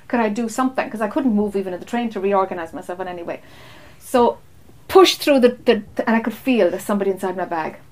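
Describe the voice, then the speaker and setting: A woman, a spiritual teacher, telling a story to a group in a lively way and acting out her own lines. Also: mid-range voice. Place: meeting room.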